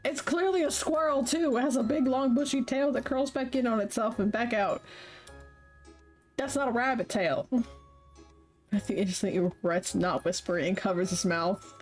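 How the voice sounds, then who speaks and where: A young woman streamer reading a story game aloud, chatty and quick to laugh between lines. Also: fairly high pitch, faint music behind. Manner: chatty, laughs often, reads narration then comments. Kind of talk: reading a visual novel aloud with commentary.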